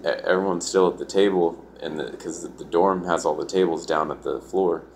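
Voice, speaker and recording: Low-voiced man rambling through a story. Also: fairly even intonation, fairly quick, darkish tone, a little hiss or hum. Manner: rambling, full of "like" and profanity. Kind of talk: casual storytelling.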